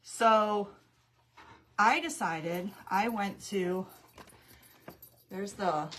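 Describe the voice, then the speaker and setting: A woman's voice: mid-range voice, extremely slow, a bit bright, a little hiss or hum. Chatty, giggly woman hosting a live stream. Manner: chatty and rambling, often breaking off to greet viewers; giggly, easily amused. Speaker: craft livestream host. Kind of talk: casual live-stream chat with viewers. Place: at home with her dog.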